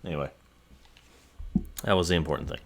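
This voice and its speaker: A man's voice: extremely low pitch, fairly quick, vocal fry, a little hiss or hum. A man hosting a casual let's-play, talking in a rambling, hesitant way while he plays. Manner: rambling, hesitant, lots of fillers. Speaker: gaming channel host.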